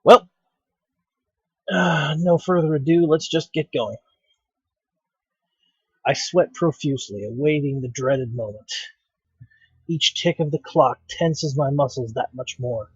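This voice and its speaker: A man's voice: medium pitch, measured pace, pauses often, husky, no room sound, muffled recording, faint music behind. A man hosting a let's play, reading a visual novel aloud with dramatic, wry narration.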